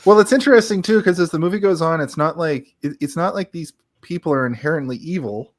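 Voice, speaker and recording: A man chatting casually about a film as a podcast guest, relaxed and full of filler likes. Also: on the high side, quick pace, no room sound, clean studio sound.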